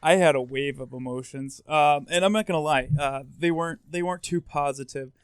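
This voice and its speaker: A man co-hosting a podcast, telling stories in an animated, rambling way with many restarts. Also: a little high, a little fast, clear, resonant tone, no echo, clean studio sound. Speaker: podcast co-host. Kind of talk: casual podcast chat.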